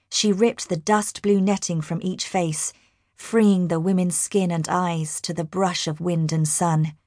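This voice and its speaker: Slow, low-voiced woman narrating a fantasy audiobook. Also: a little mellow, dry recording, clean studio sound. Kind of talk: scripted narration.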